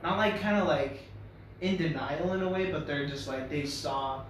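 A man's voice: a little high, moderate pace, distant mic, a little hiss or hum. A young man chatting casually, slangy and hesitant with lots of fillers. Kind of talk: casual chat. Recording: echoey room from off-mic.

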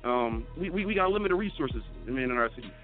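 Fast-talking man on tinny radio. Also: medium pitch. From Philadelphia. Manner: animated storyteller, stammering restarts, slangy, acts out quoted voices. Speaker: rapper guest. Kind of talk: casual interview storytelling. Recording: tinny phone-like radio broadcast with faint music.

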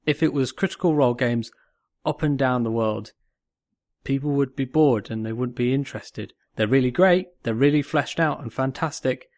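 A man from North West England, co-hosting a casual podcast in a jokey, animated way and repeating phrases for emphasis. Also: medium pitch, no room sound, studio quality. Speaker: podcast co-host.

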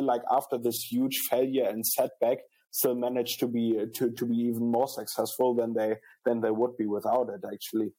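A man's voice: medium pitch, mellow, husky. A man who is a startup founder, speaking hesitantly as a podcast guest. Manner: hesitant, halting with fillers. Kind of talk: casual podcast chat.

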